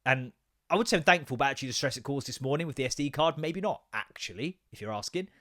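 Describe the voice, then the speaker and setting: A man's voice: medium pitch, animated, fast talker, a bit bright. Swearing man ranting. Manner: exasperated, sweary storytelling with acted-out quotes. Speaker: podcast host. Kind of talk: casual ranting monologue.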